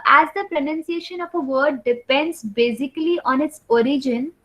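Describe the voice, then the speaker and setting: A woman's voice: high voice, fairly bright tone. A woman moderating a webinar question session, speaking politely and formally. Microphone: video call. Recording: dull webinar audio.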